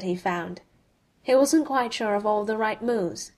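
Female narrator, steady and expressive, mid pitch. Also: measured pace. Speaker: audiobook reader. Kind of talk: fan fiction narration.

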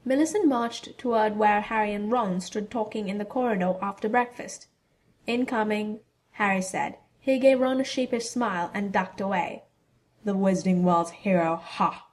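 A woman narrating a fan fiction story in a steady storytelling delivery. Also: mid-range voice, moderate pace, few pauses.

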